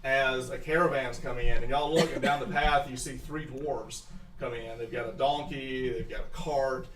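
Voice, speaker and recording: A man's voice: medium pitch, fairly even intonation, moderate pace, a bit bright, roomy sound, distant mic. A man narrating a tabletop game as game master, laughing often and breaking into voices for the townsfolk.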